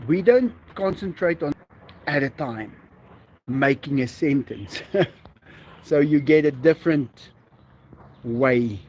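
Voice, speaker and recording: A man's voice: a little high, lively intonation, slow, pauses often, a little mellow, a little hiss or hum. A man from South Africa with an Afrikaans accent, hosting a casual livestream and chatting with viewers. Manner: chatty, laughs often. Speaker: livestream host. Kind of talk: casual livestream chat reading viewer comments.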